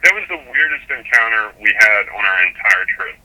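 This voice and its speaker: A man guest in an interview, telling a sailing story in an animated, rambling way with frequent restarts. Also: fairly low pitch, normal speed, rough recording. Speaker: sailor guest.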